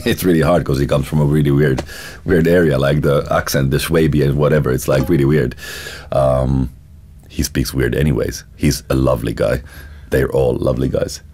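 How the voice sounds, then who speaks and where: A man's voice: rumbling low, a little mellow. A man, a musician guest telling casual stories, laughing often and swearing lightly. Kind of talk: casual storytelling.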